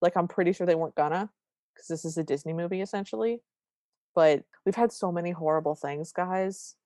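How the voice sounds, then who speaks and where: A woman co-hosting a podcast, recapping a movie in wry, quick, casual chat. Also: lowish voice, mellow, no room sound, studio quality. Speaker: podcast co-host.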